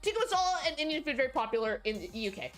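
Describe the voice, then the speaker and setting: A woman's voice: high-pitched, very animated, rapid-fire, fairly bright tone, faint music behind. A young woman streaming live, chatting casually and animatedly with her chat, swearing freely and restarting her sentences. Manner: talks to chat, frequent fillers and restarts.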